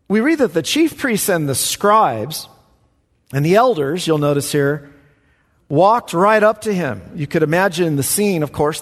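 A male pastor delivers a lively sermon in a high, very expressive voice that swoops up and down. He talks like he's chatting with the congregation, then pushes hard on key lines. His voice rings out with a long echo through a large hall. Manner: animated, conversational preaching with bursts of emphasis. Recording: echoey hall with long reverb.

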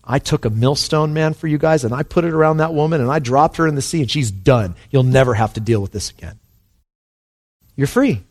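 A man preaching a sermon with passion, his delivery dropping to hushed and rising to soaring. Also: mid-range voice, fairly quick. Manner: impassioned, swings between hushed and soaring. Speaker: pastor.

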